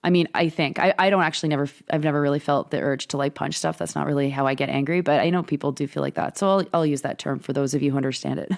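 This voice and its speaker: A woman's voice: low-pitched, fairly even intonation, fast, creaky. A woman co-hosting a political talk show, speaking in an impassioned, indignant way with many restarts. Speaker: podcast co-host. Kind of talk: casual political chat.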